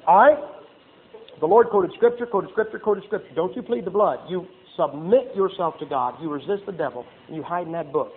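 A man's voice: high voice, quick pace. A man preaching a folksy sermon, reading scripture and acting out little asides. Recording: tinny phone-like sound.

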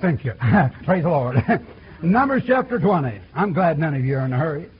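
A man's voice: fairly high pitch, lively intonation, moderate pace, dull audio, slight background noise. A man preaching a sermon in a folksy, repetitive style, calling out to his congregation.

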